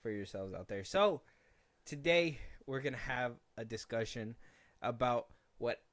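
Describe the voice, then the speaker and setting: A man's voice: mid-range voice, lively intonation, unhurried, a bit bright, no room sound. Joking male podcast host, dry sound. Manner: joking, rambling with restarts. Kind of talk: casual podcast chat.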